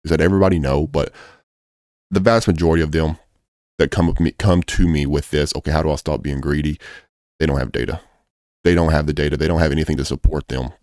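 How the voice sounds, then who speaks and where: A man's voice: a bass voice, fairly even intonation, fast talker, a little mellow, no echo, clean studio sound. A man coaching traders in a casual video, blunt and profane, hammering his points home by repeating them. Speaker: trading coach. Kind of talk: casual trading advice video.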